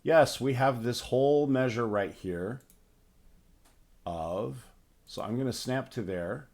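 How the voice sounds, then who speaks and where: Hoarse, unhurried man talking through his work. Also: mid-range voice, darkish tone. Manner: thinks aloud while working, narrating each step with restarts. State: hoarse from phlegm. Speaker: livestream host. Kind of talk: casual livestream music tutorial.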